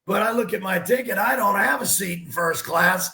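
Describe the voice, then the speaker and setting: A man's voice: sits high, moderate pace, vocal fry, hardly any pauses, reverberant, slight background noise. A man, a basketball coach, telling stories and giving emphatic sports analysis on a talk show. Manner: animated storyteller, emphatic.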